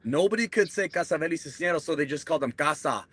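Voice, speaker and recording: A veteran man tells rowdy, profane stories in a relaxed chat. His voice sits a bit high and rings bright and forceful. He jokes constantly. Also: quick pace, slightly rough, dry recording. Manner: animated, profane, joking. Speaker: guest, Marine veteran. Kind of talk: casual storytelling chat.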